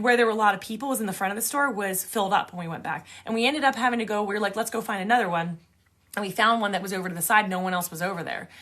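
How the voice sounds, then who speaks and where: Bright-voiced woman telling a story. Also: a little high. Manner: animated, acts out quoted voices, laughs often. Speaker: podcast co-host, energy healer. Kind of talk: casual storytelling chat.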